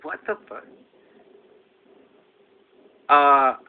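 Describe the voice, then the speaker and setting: Lively high-voiced man, incredulous and profane. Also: drawn-out words, slight background noise. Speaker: comedian and show host. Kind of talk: commentary played as a clip. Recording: tinny phone-like audio.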